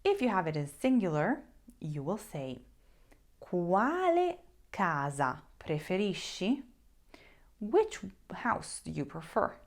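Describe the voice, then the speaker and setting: Woman language teacher, low-pitched but expressive, slow and emphatic, repeats for stress. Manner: slow, careful modeling of pronunciation. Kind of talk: language lesson to camera.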